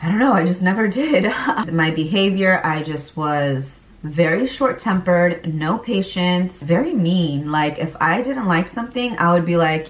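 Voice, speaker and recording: A woman's voice: on the low side, lively intonation, unhurried, few pauses. A young woman vlogging candidly and chattily about her pregnancy, laughing now and then as she recalls things. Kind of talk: casual pregnancy vlog talk. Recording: roomy, a bit far from the mic.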